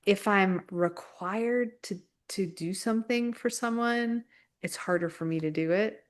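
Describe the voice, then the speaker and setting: A woman co-hosting a casual spiritual chat podcast, talking reflectively in halting, searching phrases. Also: mid-range voice. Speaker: podcast co-host.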